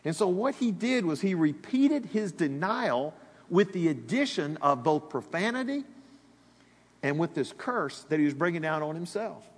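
Preacher, a man with a husky voice, animated and conversational from the pulpit in a big reverberant hall. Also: fairly high pitch, moderate pace. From Alabama, US. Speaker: pastor. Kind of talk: sermon. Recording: long reverb of a large hall.

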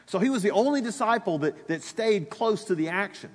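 A man's voice: high-pitched, fairly quick. A man from Alabama, preaching a sermon in a chatty style and speaking to his congregation directly. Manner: animated, conversational preaching with asides to the congregation. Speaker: pastor. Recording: long reverb of a large hall.

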